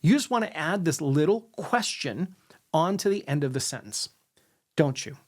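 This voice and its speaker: A man with an expressive voice, speaking at a normal pace, gives a to-camera lesson on sales influence. He shows how intonation works, often adding "right?" and bringing his sentences down on a falling note.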